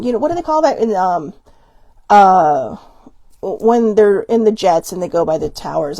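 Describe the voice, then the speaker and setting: In a dry recording, a woman with a mid-range, dark-toned voice gives a casual oracle card reading. She rambles emotionally, teary with watering eyes, often laughing, saying um and stopping herself mid-sentence.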